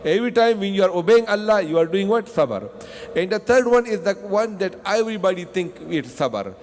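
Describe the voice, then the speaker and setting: A man's voice: high-pitched, lively intonation, fairly quick, darkish tone, in a large hall, slight background noise. A man teaching a mosque tafseer lesson in non-native English with Arabic terms, who asks the class questions and answers them himself and often repeats himself. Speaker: Quran teacher.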